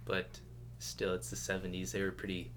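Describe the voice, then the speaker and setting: A man hosts a podcast in relaxed, casual chat. His voice sits fairly low, and his laid-back remarks often trail off into quieter asides. A faint hum of room ambience lies underneath. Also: moderate pace. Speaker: podcast host.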